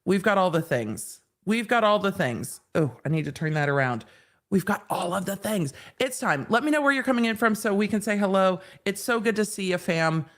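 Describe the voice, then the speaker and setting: A woman hosting a live stream from a home studio, bubbly and playful, close on a studio mic. She reads viewer comments aloud with a middle-pitched, chatty voice. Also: lively intonation, moderate pace. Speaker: legal commentator, host. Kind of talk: casual livestream chat. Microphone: studio microphone.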